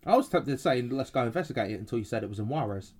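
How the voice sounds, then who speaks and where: A man co-hosting a podcast, expressive and sweary in casual chat. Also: mid-range voice, very fast. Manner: expressive, swears freely, blurts exclamations. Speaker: podcast co-host.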